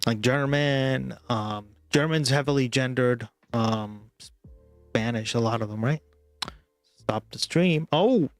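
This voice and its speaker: A man's voice: medium pitch, takes it slowly, no room sound. A man livestreaming and chatting casually with viewers, rambling and full of "like" and "right?", with faint music behind him.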